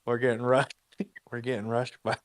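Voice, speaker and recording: An excitable man hosts a casual live audio chat, laughing easily and swearing freely. His voice sits mid-range. The sound is dry and close. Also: mid-range voice, moderate pace, no echo.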